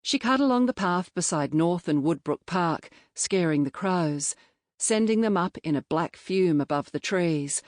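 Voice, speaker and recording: Low-voiced woman narrating a novel. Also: animated, a little mellow, no echo, clean studio sound. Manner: measured, reflective storytelling. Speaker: audiobook narrator. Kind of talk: scripted first-person novel narration. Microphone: close studio mic.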